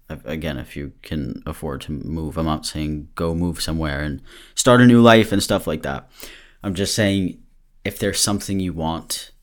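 Young man, very deep voice, podcast host, casual motivational talk, rambling, a bit breathless. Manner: earnest, rambling, with frequent restarts and swearing.

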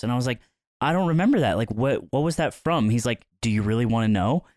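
A man telling stories on a podcast, his pitch jumping around as he acts out everyone in the story. His voice is mid-pitched and sounds dry and close to the mic. He keeps it loose and chatty, with lots of fillers and restarts. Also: quick pace, no echo. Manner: animated, acts out quoted people with sudden pitch jumps. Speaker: podcast co-host. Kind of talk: casual storytelling chat.

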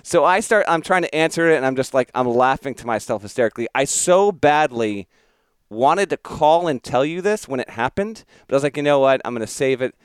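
A man telling a story on a podcast in a rambling, self-mocking way. His voice is smooth and a little high, recorded close and dry. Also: lively intonation, fairly quick, no room sound. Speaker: podcast host. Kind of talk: casual storytelling chat.

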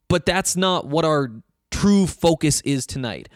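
A man's voice: fairly high pitch, lively intonation, measured pace, dry recording, studio quality. A man hosting a sports podcast, talking through a game in casual, rambling solo commentary and often restarting his sentences.

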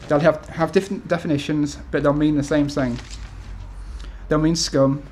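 A man's voice: fairly high pitch, level tone, moderate pace, darkish tone, slight background noise. A man in his thirties from the UK, an author talking to an event audience with many ums and restarts, then reading his essays aloud. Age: 30s.

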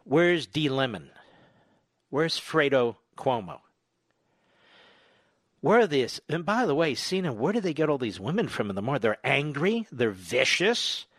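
A male talk radio host delivering a combative, sarcastic political monologue full of rapid-fire rhetorical questions. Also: medium pitch, big pitch swings, fairly bright tone, no echo, clean studio sound.

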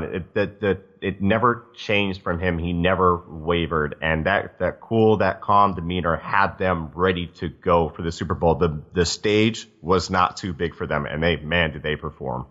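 A man in a casual sports podcast, analyzing the game in a quick, rambling way. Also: low-pitched, fairly bright tone, dull audio. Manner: fast, analytical, many restarts.

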